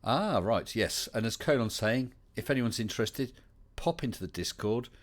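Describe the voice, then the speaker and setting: A man's voice: mid-range voice, animated, normal speed. A man with an English West Country accent hosting a casual livestream chat, chatty and welcoming, with many fillers. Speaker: livestream host.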